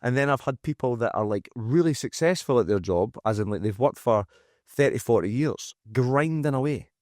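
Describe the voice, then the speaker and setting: A man's voice: medium pitch, lively intonation, moderate pace, a little mellow, dry recording. Frank Scottish man, swearing freely. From Scotland. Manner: frank and emphatic, swears freely, acts out quotes. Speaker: guest, fitness coach and gym owner. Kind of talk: candid podcast conversation. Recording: dry close-miked studio sound.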